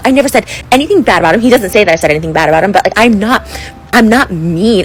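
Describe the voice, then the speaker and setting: A woman's voice: on the high side, big pitch swings, fast, slight background noise, rough recording. An upset woman ranting into a phone selfie video, rambling with lots of fillers and breaking off mid-sentence. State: upset, close to tears. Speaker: social media influencer. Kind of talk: emotional selfie video rant.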